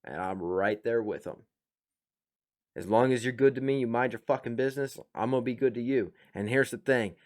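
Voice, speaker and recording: A man's voice: mid-range voice, brisk, darkish tone. A man hosting a reaction video, talking bluntly and with lots of profanity in casual commentary.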